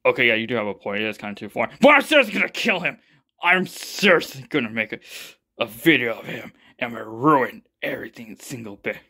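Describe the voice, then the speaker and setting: A man voicing a hot-tempered, vengeful middle-aged father who shouts and swears. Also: mid-range voice, sing-song, fast, pitched below the performer's own voice, heavily acted. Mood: scheming.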